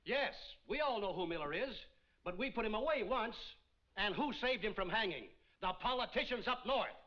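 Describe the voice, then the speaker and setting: A man's voice: high voice, lively intonation, moderate pace. An actor playing a townsman who argues dismissively, in a dull old film soundtrack. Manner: dismissive, argumentative. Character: townsman blaming the politicians up north.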